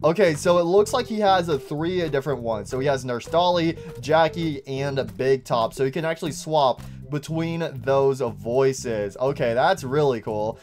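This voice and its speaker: A young man giving excitable, casual commentary on a game and saying "bro" a lot. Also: mid-range voice, moderate pace, hardly any pauses, soft background music. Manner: excitable, says "bro" often. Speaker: gaming YouTuber.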